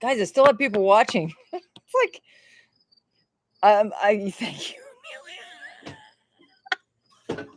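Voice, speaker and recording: A woman's voice: medium pitch, sing-song, moderate pace, a little hiss or hum. A woman from Florida hosting a casual livestream, rambling and chatty and swearing freely. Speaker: livestream host.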